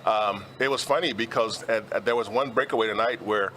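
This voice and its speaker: A man talking as a sports analyst on a talk show, relaxed and rambling with lots of fillers. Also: lowish voice, a little fast.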